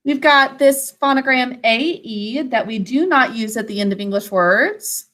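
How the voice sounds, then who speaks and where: High bright-voiced woman teaching spelling. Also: lively intonation. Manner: patient, slow and careful over word sounds. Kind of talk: online spelling lesson for children. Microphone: video call.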